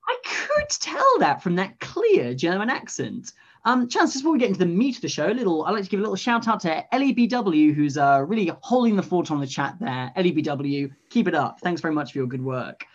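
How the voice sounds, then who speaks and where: A man's voice: high voice, lively intonation, fast, few pauses, highs cut off. A man co-hosting a spoof news show, with a stammering, flustered, bumbling delivery. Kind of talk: comic news presenting.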